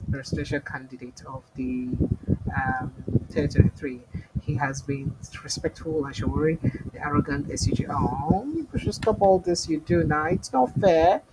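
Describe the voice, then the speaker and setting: A woman with a Nigerian accent and a low-sitting voice hosts a live call-in show at normal speed, over very noisy audio. She chats casually, reads viewer comments aloud, laughs, and slips into pidgin.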